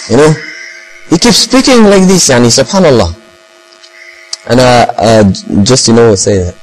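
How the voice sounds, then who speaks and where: Man, English, rambling storytelling, frequent fillers, mid pitch, low mains hum. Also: lively intonation, unhurried, long pauses, faint music behind, rough recording. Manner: rambling, heavy use of fillers and Arabic phrases. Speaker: speaker recounting experiences. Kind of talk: casual talk in English.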